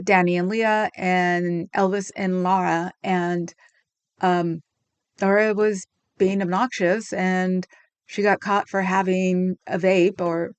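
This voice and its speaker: A middle-aged woman hosting a livestream, chatting casually and sarcastically as she recounts a video and reads comments aloud, with frequent ums. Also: medium pitch. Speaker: livestream host.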